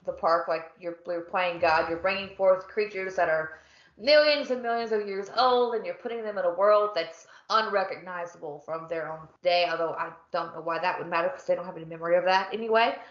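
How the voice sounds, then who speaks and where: A woman's voice: lowish voice, a little fast, echoey room, muffled recording. A woman co-hosting a casual chat podcast, joking and trailing off mid-sentence. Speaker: podcast co-host. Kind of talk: casual chat over wine.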